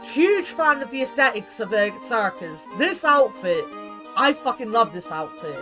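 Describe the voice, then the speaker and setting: A woman's voice: a little high, sing-song, a little slow. A woman streamer chatting casually and rambling animatedly while playing a game. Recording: game music underneath.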